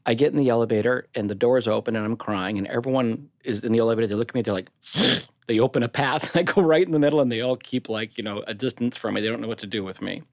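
A man tells a personal story on a podcast with lively, expressive energy. His voice sits in an ordinary middle range but leaps up when he mimics others. The sound is dry and close, with no room echo. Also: very fast, hardly any pauses. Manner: animated, swings high when acting out quotes, swears freely. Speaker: podcast co-host. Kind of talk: casual storytelling.

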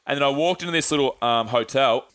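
A young man spins a travel story in an easygoing podcast chat. He swears freely and puts on quick voices for the people he quotes. His voice sits at an ordinary male pitch in a dry room with no echo. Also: a bit bright, smooth. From Australia. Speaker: podcast guest.

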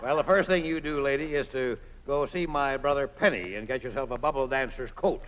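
A man's voice: fairly quick, a bit bright, close to an everyday voice, low-quality recording. A man doing a giggly, wisecracking dance professor. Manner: wisecracking, giggly patter with squeaky jumps. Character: fast-talking, shady male dance professor. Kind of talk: 1940s radio comedy acting.

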